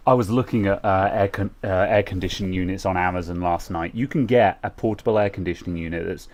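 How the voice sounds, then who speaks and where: A man's voice: deep voice, normal speed, darkish tone. A young British man co-hosting a casual tech chat, rambling with lots of fillers and restarts. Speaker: co-host.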